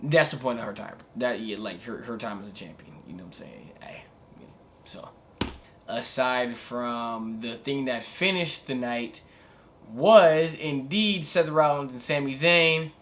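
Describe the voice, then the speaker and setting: A young man talks through his reactions in an easygoing, slangy ramble and keeps circling back with filler asides. His voice has a bright, forward edge at a middle pitch. He sounds like a vlogger chatting straight to his viewers. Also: unhurried, a little hiss or hum. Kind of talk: casual reaction commentary.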